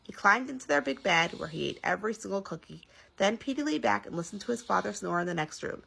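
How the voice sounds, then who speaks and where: Expressive woman reading a bedtime story. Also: medium pitch, quick pace, creaky, slightly rough, poor audio. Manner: expressive, sing-song reading.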